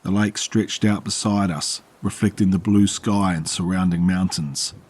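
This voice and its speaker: A man narrating a horror story in a calm, measured way. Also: sits low, breathy edge.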